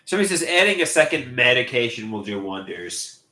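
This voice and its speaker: A man's voice: medium pitch, big pitch swings, bright, forceful tone, reverberant. Stammering man on a live stream. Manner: halting and repetitive, stammers and restarts often. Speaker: livestreamer. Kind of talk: live stream chat, reading viewer comments.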